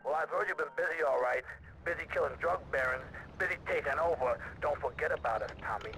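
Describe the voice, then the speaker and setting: A man's voice: a little high, quick pace, sharp tone, a little hiss or hum, rough recording. An actor playing a bitter, threatening male mob boss in a video game, talking in a menacing, mock-friendly way. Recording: game audio over music.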